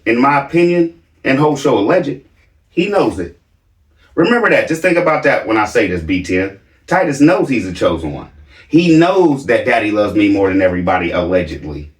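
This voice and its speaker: A man's voice: mid-range voice, reverberant, recorded from a distance. A man doing reaction commentary, mocking and theatrical, with a repeated catchphrase.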